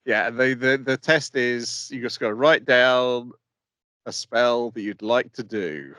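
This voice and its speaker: A man co-hosting a podcast in casual chat, summarizing episodes with many pauses and fillers over a remote call. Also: mid-range voice, pushed and bright, no echo. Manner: hesitant, lots of uh and um, summarizing plots. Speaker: podcast co-host. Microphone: remote call mic.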